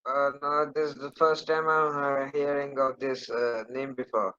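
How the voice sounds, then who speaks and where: A man's voice: medium pitch, level tone, measured pace, bright, forceful tone, clear, resonant tone, highs cut off. A man with an Indian accent, a caller who is slightly intoxicated, rambling and hesitant with many fillers. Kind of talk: casual call-in chat.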